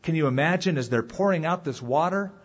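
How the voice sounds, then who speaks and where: A man preaching a sermon with dramatic swings from loud calls to quiet asides. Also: on the high side, animated, fairly quick, breathy edge, muffled recording. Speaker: pastor.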